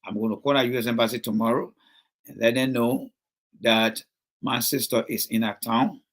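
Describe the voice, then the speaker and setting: A man's voice: medium pitch, a bit bright. A middle-aged Liberian man with a Liberian English accent hosts a livestream, reads viewer comments and scolds a commenter over and over with emphasis. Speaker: livestream host reading comments. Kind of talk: casual livestream talk.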